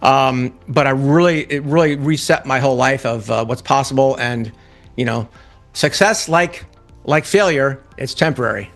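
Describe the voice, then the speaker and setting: A man's voice: medium pitch, normal speed, faint music behind. A middle-aged man chatting as a podcast guest, enthusiastic and motivational, laughing easily. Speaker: podcast guest, publishing founder. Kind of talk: casual interview chat.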